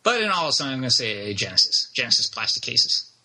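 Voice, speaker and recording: A man co-hosting a casual podcast about video games, animated and swearing freely as he laughs along. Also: mid-range voice, fairly quick. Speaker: podcast co-host.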